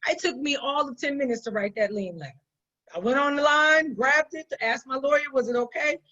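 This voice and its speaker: Speaking a little fast in a high, pushed, bright voice, a woman who owns a business gives emphatic, conversational advice and often repeats her points for stress. The recording has a dull lo-fi sound.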